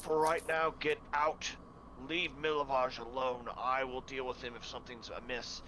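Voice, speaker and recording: A man voicing a stern older male priest who speaks slowly and gravely. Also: medium pitch, flat delivery, sharp tone, a little hiss or hum, close to an everyday voice, low-quality recording. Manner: slow, measured, scolding.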